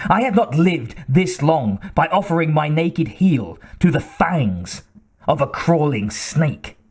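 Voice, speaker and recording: A man voicing a frightened old king who speaks in a shrill, quavering voice. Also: sing-song, slow pace, full character voice. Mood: furious. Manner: shrill, shaking outbursts.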